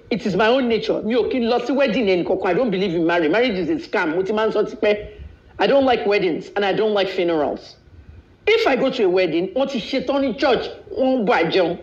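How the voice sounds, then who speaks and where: A man from Nigeria hosting a live video, ranting in a blunt, boastful way and switching freely between languages. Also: sits high. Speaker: live-stream host. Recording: echoey, dull live-stream audio.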